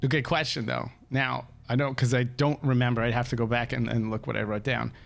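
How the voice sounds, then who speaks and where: A man at a tabletop role-playing game, shifting between measured in-character lines and loose, chatty table talk. His voice has a gravelly texture at a middle pitch. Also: level tone. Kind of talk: casual chat and in-character role-play.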